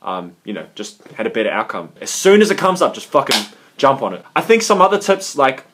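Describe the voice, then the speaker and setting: Young guy ranting to camera, talks super fast, swears a lot, acts out what he said. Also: mid-range voice, noisy background. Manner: animated, swearing, acts out quoted reactions. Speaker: gaming coach and video creator. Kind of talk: casual vlog monologue with advice.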